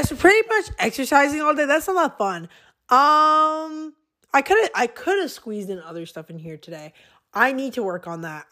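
A young woman talking solo on her own podcast, in a loose and chatty way. She rambles, fills her sentences with "like" and keeps correcting herself mid-thought. Her voice sits at an average pitch for a woman. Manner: chatty, rambling, lots of "like" fillers and self-corrections. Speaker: podcast host. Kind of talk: casual solo podcast monologue.

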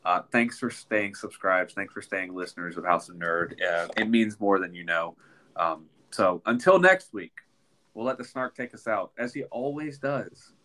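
A podcast co-host with a fairly low, bright voice speaks forcefully at a moderate pace in casual chat. Congested and nasal from a sinus infection, he rambles with many ums and restarts.

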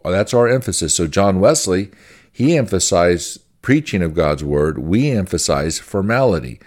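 A man's voice: low-pitched, very animated, measured pace, a little mellow. A man, a pastor, giving an informal church-history teaching in a conversational, folksy way, repeating phrases as he goes.

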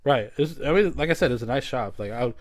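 A man's voice: medium pitch, animated, fairly quick, no room sound. Casual male podcast host, rambling storyteller, swears freely, dry close sound.

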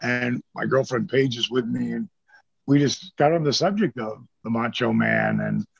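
A middle-aged man, a former pro wrestler, telling stories as an interview guest in a lively, casual way and swearing freely. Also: mid-range voice, normal speed, vocal fry, husky, no echo. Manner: animated storyteller who acts out quotes, swears freely. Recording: dull lo-fi dry sound.

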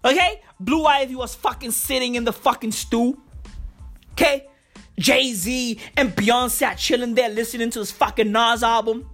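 A woman ranting in a loud, hyped, comedic vlog, swearing often and repeating herself. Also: on the high side, moderate pace, faint music behind. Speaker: vlogger. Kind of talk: casual comedic rant.

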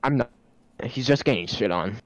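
A man's voice: medium pitch, lively intonation, normal speed, no echo. A man co-hosting a casual podcast, making wry, opinionated remarks. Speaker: podcast co-host. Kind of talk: casual joking chat among friends.

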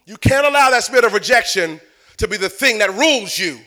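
A man preaching a sermon as bishop, telling a funny personal story to his congregation with asides and laughs, then building into shouted, fervent preaching. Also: high voice, animated, fairly quick. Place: church before a congregation.

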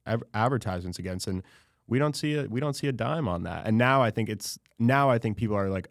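A man's voice: on the low side, quick pace, vocal fry, dry recording, studio quality. A man hosting a podcast in casual chat, talkative, with wry, self-aware asides. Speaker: podcast host.

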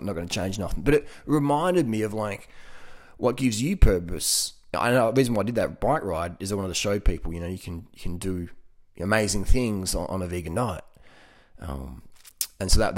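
A man with an Australian accent talking casually and motivationally, often repeating words and laughing. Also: sits low. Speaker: vegan cycling advocate.

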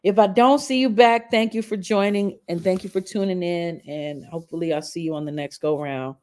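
Female vlogger, mellow dark voice, blunt and profane, casual gossip chat. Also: on the low side, fairly even intonation, brisk. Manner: blunt, heavy cursing, chatty asides.

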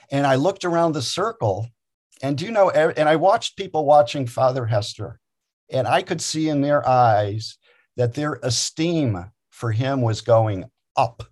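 A man speaking at an ordinary, middle pitch tells a long personal story as a guest. His delivery is earnest and thoughtful, measured in its pacing. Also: a little mellow. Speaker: chaplain and physician guest. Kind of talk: reflective storytelling.

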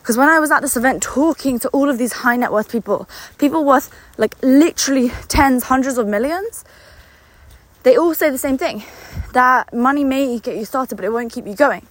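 A young woman coaching business owners in an unscripted pep talk, her voice pitched a touch high and sounding dry and close. She talks with eager enthusiasm, slightly out of breath, leaning on repeated words to stress a point. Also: normal speed, no room sound. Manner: enthusiastic, speaks from the heart, repeats words for emphasis. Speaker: business coach and company founder.

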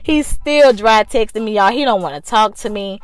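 A young woman telling a personal story in a casual, animated way, talking straight to her viewers and swearing freely. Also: medium pitch, moderate pace, no room sound.

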